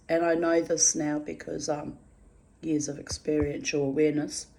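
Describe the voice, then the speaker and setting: A woman's voice: low voice, little pitch movement, normal speed, mellow. A woman in a casual, rambling monologue, chatty and quirky, swearing freely and calling her listeners babies and darlings. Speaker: vlogger.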